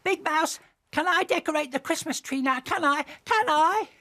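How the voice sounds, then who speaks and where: An older man voicing an excitable, easily frightened little boy mouse in a storybook reading, with high squeaky cries. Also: normal speed. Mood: excited.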